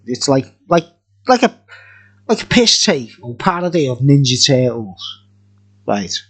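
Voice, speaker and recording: A man's voice: medium pitch, sing-song, measured pace, fairly bright tone, slightly rough. A middle-aged man reviewing beer in a tipsy, jokey, rambling vlog chat, laughing often.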